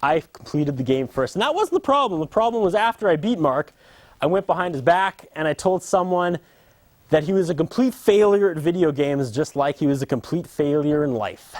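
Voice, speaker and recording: A man's voice: fairly high pitch, lively intonation, moderate pace, dry recording. A man in his thirties delivering a sarcastic, mock-apologetic comedy monologue as host.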